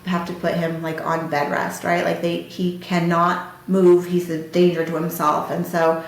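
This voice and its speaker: A woman's voice: on the low side, completely flat delivery, measured pace. A woman hosting a podcast, telling a personal story candidly and from the heart, talking straight to her listeners. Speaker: podcast host. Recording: very echoey room.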